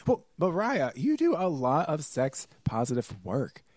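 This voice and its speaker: A man's voice: on the high side, wildly swooping pitch, unhurried, darkish tone, no echo, studio quality. A man hosting a podcast, chatting casually in a playful, teasing way. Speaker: podcast host. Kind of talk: casual chat.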